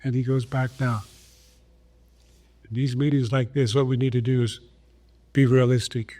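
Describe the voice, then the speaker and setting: A man's voice: medium pitch, little pitch movement, warm tone. A man in his eighties from South Dakota, a guest telling his life story at an easy pace and acting out remembered conversations. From South Dakota, USA. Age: 80s. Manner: unhurried, acts out remembered dialogue. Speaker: guest, retired Olympic runner.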